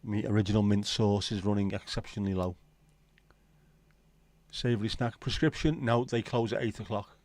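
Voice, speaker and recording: A man's voice: fairly low pitch, fairly even intonation, moderate pace, long pauses, darkish tone, no room sound. A man hosting a casual livestream, rambling and joking with viewers and swearing casually. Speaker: livestream host. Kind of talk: casual chat reading viewer comments.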